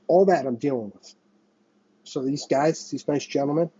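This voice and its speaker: A man's voice: fairly high pitch, moderate pace, warm tone, slightly rough, dry recording, dull audio. A young man hosting a solo podcast, ranting in a heated, sarcastic and profane way. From United States. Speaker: podcast host.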